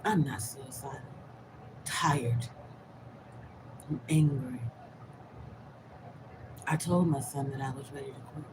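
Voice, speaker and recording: A woman talking straight to her viewers in a casual, emphatic vlog monologue, moving between loud, swearing outbursts and hushed, half-whispered asides. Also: a bass voice, steady tone, slow, pauses often, background noise. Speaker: vlogger, host of her own channel.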